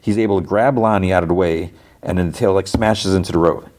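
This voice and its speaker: A man's voice: low-pitched, fast talker, a little mellow. A man hosting a podcast, casually recapping a cartoon episode in a rambling, filler-heavy way. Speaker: podcast host.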